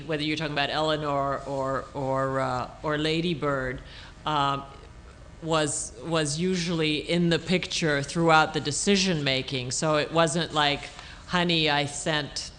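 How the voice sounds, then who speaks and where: A woman author answering audience questions on a panel at a public talk, thoughtful and halting, with many restarts and fillers. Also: sits low, fairly even intonation, a bit bright, slight background noise. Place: auditorium stage.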